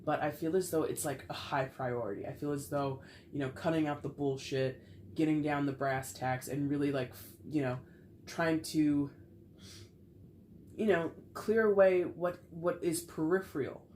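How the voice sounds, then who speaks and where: She speaks at a normal pace in a low, slightly mellow voice with fairly even intonation, and a little hiss or hum is audible. The woman is a tarot reader doing a casual, chatty, playful reading to camera, laughing a lot as she recovers from a cold.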